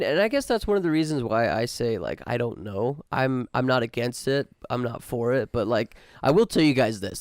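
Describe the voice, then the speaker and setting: Gravelly, laid-back male podcast host. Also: medium pitch, a little mellow, dry recording, clean studio sound. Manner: storytelling, laid-back, says dude and man. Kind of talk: casual chat.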